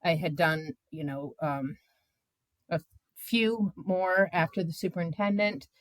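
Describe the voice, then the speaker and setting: Low-voiced woman journalist telling stories. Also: a little slow, no echo. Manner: animated, emotional, many filler words. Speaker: journalist guest. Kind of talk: candid conversational storytelling.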